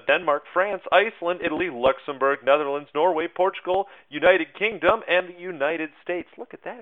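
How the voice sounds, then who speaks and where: A man giving a casual history lesson, chatty and self-mocking, with lots of fillers and asides. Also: a little high. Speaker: teacher. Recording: tinny phone-like sound.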